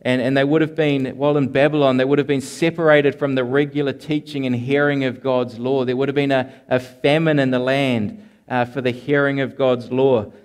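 A man preaching an expository sermon, earnest and deliberate, slowing down to stress key lines and sometimes repeating words as he restarts a phrase. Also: medium pitch, flat delivery, clear, resonant tone. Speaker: pastor.

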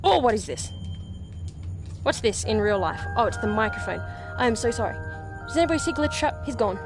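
A woman's voice: fairly high pitch, lively intonation, fairly quick, over music. A young woman streaming a VR horror game at home, jumpy and prone to yelps while she counts aloud. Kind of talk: live-streamed VR horror gameplay commentary. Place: home room.

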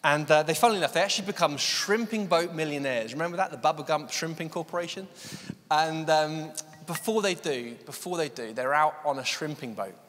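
A man preaching a sermon in a church hall, his voice sitting a little higher than most men's. He tells a story with frequent ums, then slows down on key lines, and every word trails off into a long hall reverb. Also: a bit bright, soft background music. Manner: storytelling, many fillers, slows down for emphasis.

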